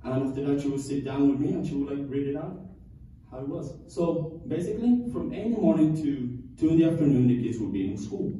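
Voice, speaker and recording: A young man from Cuba doing a stand-up comedy routine, telling stories with deadpan punchlines and chuckling at his own jokes. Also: medium pitch, fairly quick, slight background noise. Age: young adult. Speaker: student comedian. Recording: echoey room from far off, faint ambience.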